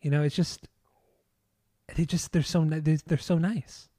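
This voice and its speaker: A man co-hosting a music podcast, talking casually and swearing freely as he argues his opinions. His voice sits a little high with a mellow, relaxed tone. It is recorded dry and close. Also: measured pace, dry recording. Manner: profane, opinionated, blunt. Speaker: podcast co-host. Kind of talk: casual chat.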